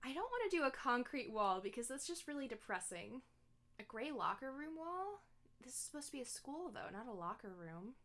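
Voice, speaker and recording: A chatty young woman gaming streamer talks through her gameplay in a relaxed, casual way, fairly quick and giggling, often stopping to correct herself. Her voice sits fairly high for a woman.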